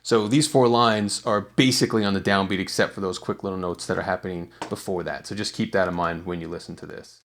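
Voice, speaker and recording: Guy with a lowish voice walking through a songwriting tip, laid back, lots of uhs and restarts. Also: a little fast, few pauses, a little hiss or hum. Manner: relaxed explaining with frequent fillers and restarts. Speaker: songwriting teacher. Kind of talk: casual video tutorial.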